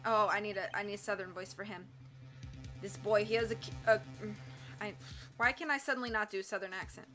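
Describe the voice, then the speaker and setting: A woman's voice: medium pitch, steady tone, brisk, sharp tone, soft background music. A young woman from the American South, chatting casually and mocking herself as she plays a game on stream. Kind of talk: casual let's-play chat.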